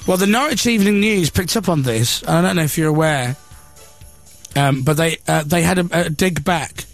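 In a radio studio, speaking into a studio microphone, a breakfast show host chats casually and reads a newspaper story aloud, adding mocking, sarcastic and self-deprecating remarks. He talks at a moderate pace in a fairly high voice over soft background music.

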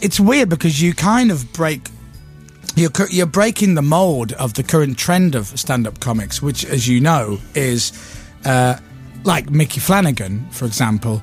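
A playful male radio host who ribs his guests and slips easily into silly voices. His pitch sits a little high and jumps around a lot, and faint music plays under the chat. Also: expressive, a little slow. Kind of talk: joking chat-show banter.

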